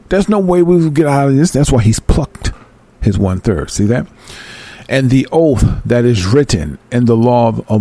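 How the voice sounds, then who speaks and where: A man leading a verse-by-verse bible study, reading verses slowly and then explaining them in loose, fired-up street talk. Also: mid-range voice, creaky, a little mellow, no room sound. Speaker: scripture teacher.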